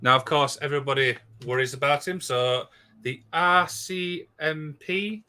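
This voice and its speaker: A man, co-hosting a casual podcast and recounting a strange disappearance, rushing through with frequent restarts. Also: on the high side, clean tone. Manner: excitable, rushed, with many restarts and "obviously". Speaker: podcast co-host. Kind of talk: casual storytelling chat.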